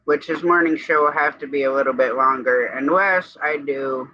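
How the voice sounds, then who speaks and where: A man's voice: a little high, moderate pace, no echo, highs cut off. A man hosting a livestream in casual chat, talking through his plans at length. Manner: chatty, explains plans at length. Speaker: livestream host.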